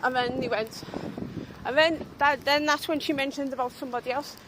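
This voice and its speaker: A woman's voice: high voice, fairly even intonation, brisk, very noisy. A young woman tour guide vlogging, agitated and swearing as she retells an argument. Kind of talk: ranting vlog monologue.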